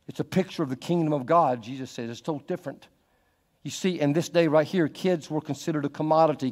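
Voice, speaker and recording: A male pastor delivering a sermon, his delivery swinging from hushed to loud and emphatic. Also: a little high. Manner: dynamic preaching, swinging from soft to loud and emphatic. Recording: long reverb of a large hall.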